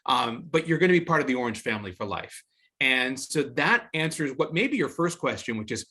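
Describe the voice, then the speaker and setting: A middle-aged man hosting a virtual alumni event, speaking in a welcoming, measured way. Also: fairly high pitch, a bit bright, breathy edge.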